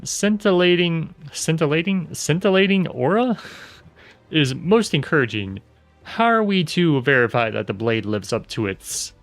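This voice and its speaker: A man's voice: fairly high pitch, gravelly, no echo, pitched above the performer's own voice, exaggerated voice. A man putting on a tipsy, folksy old craftsman. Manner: folksy dialect, drawn-out theatrical delivery.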